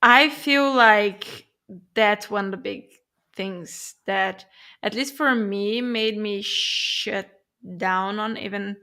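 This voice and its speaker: A woman co-hosting a casual, reflective podcast conversation, speaking hesitantly with many pauses and fillers. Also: medium pitch, bright, forceful tone. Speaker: podcast co-host.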